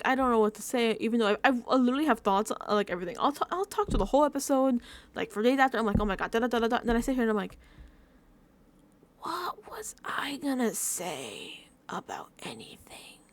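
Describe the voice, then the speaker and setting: A woman vlogging casual reaction commentary, rambling and repeating herself with lots of fillers. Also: mid-range voice. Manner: chatty, self-deprecating. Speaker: recap vlogger.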